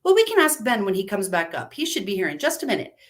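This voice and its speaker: A woman reading a live story, voicing an unhelpful female cashier in a bright, placating sing-song. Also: mid-range voice, wildly swooping pitch, quick pace. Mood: chirpy.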